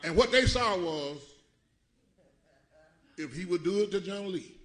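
A middle-aged man preaching a sermon, telling stories, swinging between laughing asides and shouted points. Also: high voice, measured pace, slight background noise. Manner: animated, shouting and laughing with the congregation. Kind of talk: sermon storytelling. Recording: church congregation audible. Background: live congregation.

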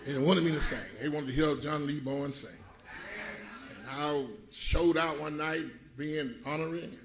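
A middle-aged man preaching a sermon, telling stories, swinging between laughing asides and shouted points. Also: fairly high pitch. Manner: animated, shouting and laughing with the congregation. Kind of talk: sermon storytelling. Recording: church congregation audible. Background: live congregation.

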